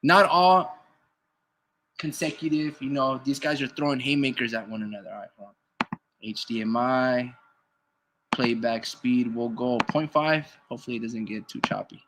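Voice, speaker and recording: Over a noisy background, a man with a mid-range, steady voice talks at a moderate pace while giving profane, casual boxing commentary on a stream. He reads the chat's comments aloud, responds to them, and argues hotly with the viewers.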